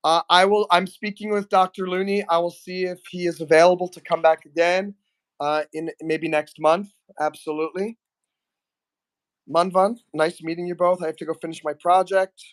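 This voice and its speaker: Live stream host, man, slightly high pitch, chatty, reads the chat, clears his throat often. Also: flat delivery, normal speed.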